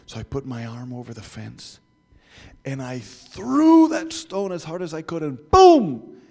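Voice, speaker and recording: A man telling a story to children in church, animated, asking the listeners questions and dropping to whispers. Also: medium pitch, measured pace, vocal fry. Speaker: guest speaker.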